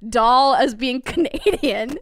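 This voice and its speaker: A woman's voice: high voice, slow pace, fairly bright tone, no echo. A young woman co-hosting a podcast, giggly and self-mocking in casual banter. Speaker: podcast co-host. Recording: audible background noise.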